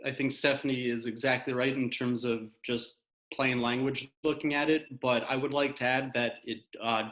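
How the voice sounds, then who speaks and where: A man's voice: mid-range voice, a bit bright. A man co-presenting a webinar, adding to an answer with hesitant restarts. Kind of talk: live webinar Q&A. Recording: echoey room.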